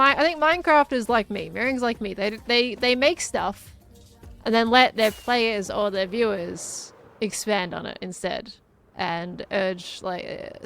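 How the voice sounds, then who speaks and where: A woman's voice: medium pitch, creaky, a bit bright. A woman chatting casually and giggling as she thinks aloud while playing a game. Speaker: gaming streamer.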